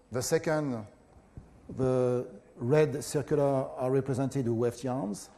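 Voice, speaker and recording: Speaking at medium pitch with a dark tone, a French-accented middle-aged professor lectures at a conference. His delivery is hesitant, broken up by frequent pauses and fillers.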